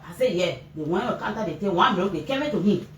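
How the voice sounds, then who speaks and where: The mother talks at a quick pace, her Liberian English accent clear as she gives reporters an emotional account of her son's story. Animated, she acts out shouted remarks while her pitch leaps around. The recording is roomy, taken from a distant mic, with faint noise in the background.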